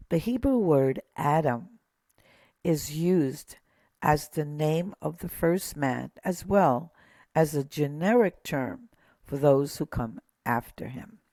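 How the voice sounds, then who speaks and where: Slow, patient Hebrew teacher. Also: mid-range voice, expressive, warm tone, no echo. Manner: methodical, points things out one by one; patient, pauses with fillers. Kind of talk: slow lesson.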